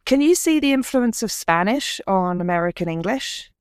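A woman's voice: mid-range voice, lively intonation, normal speed, smooth, dry recording, studio quality. A woman hosting a podcast, asking curious, hesitant questions with many fillers. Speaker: podcast host. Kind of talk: conversational interview.

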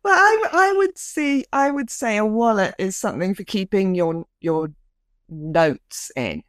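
In a relaxed, casual chat, a woman playfully quizzes her guest, hesitating with plenty of "um"s. Her medium-pitched voice moves at a measured pace and sounds dry and close, with no room echo.

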